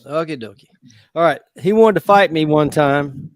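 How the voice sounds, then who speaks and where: A man tells anecdotes on a video call, easygoing and chuckling as he goes. His voice sits fairly high for a man. The sound is close and dry, with no room around it. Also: moderate pace, no room sound. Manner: relaxed storyteller, chuckling at his own tales. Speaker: musician guest.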